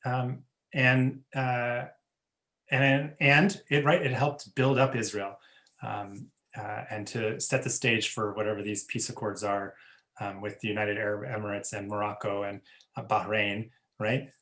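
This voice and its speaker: Low-voiced rabbi teaching, saying "right?". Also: male voice, little pitch movement, a bit bright. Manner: measured, tags sentences with "right?", many fillers. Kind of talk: teaching an online class. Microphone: video call.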